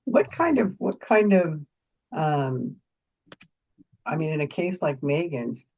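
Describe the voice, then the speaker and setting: A man in the audience of a training session, asking a hesitant, halting question. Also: a little high, very animated, a little mellow. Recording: dull, muffled lo-fi audio.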